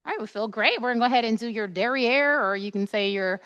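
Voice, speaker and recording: A woman's voice: on the high side, animated, quick pace, fairly bright tone, clean tone, dry recording, lo-fi sound. A woman esthetician in her thirties giving a chatty, playful live waxing demonstration, acting out quoted dialogue as she works.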